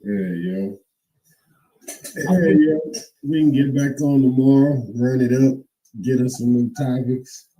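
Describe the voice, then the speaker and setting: A man chats casually on a podcast, loose and slangy, with some hesitation. His voice is mellow and warm, at an average pitch. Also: slow, pauses often, rough recording. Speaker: podcast co-host. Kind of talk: casual chat.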